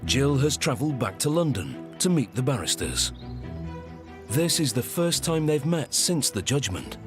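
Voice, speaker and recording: Male documentary narrator, measured, animated delivery over music. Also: medium pitch. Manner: measured storytelling.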